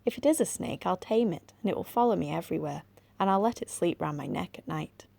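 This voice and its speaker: A bold, boastful boy from a storybook who talks like he knows best, as a woman reading aloud puts him on. His voice is low and mellow. It has a gravelly edge. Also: lively intonation, quick pace. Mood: cocky.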